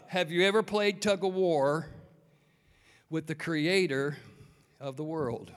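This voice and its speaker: An earnest male preacher delivers a sermon, often putting questions to his listeners. His voice sits high for a man, his pace is slow and deliberate, and the sound carries a long hall reverb. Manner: asks the congregation rhetorical questions, earnest.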